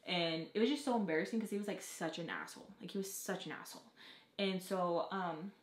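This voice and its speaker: A young adult woman telling a storytime vlog, talking fast and casually, with plenty of "like" and frequent swearing. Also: fairly low pitch, lively intonation. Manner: fast casual talk, heavy on "like", swears freely. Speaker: vlogger. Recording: echoey room.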